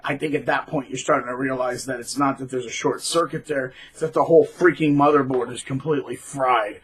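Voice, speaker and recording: A man talking casually to camera in a rambling, animated way, with frequent restarts. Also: medium pitch, brisk, breathy edge, rough recording. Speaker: middle school teacher, vlogger.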